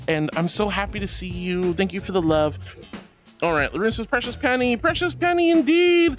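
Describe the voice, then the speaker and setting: Male streamer, high and very lively pitch, affectionate toward viewers. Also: fairly quick, faint music behind. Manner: affectionate, calls viewers sweetie and honey. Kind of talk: live stream chat reading.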